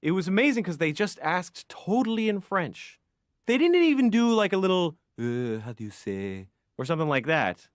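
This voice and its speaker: A man's voice: high-pitched, very animated, moderate pace, no echo, clean studio sound. A man doing a sardonic, exasperated stand-up monologue as a therapy patient.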